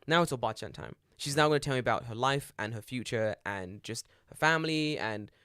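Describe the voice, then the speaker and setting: Fast-talking man telling a story. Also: mid-range voice, clean tone, no echo, studio quality. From Britain. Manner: animated storyteller, swears freely, acts out voices. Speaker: podcast co-host. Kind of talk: casual chat.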